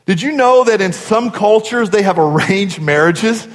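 A man's voice: sits high, expressive, unhurried. A man in his forties, a pastor giving a sermon in an earnest, conversational storytelling way. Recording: long hall reverb.

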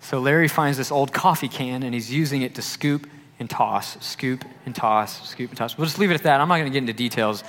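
A young adult man, a youth pastor, preaching a sermon and telling a personal story with animated delivery, acting out the voices of the people he quotes. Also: medium pitch, fairly quick. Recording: long hall reverb.

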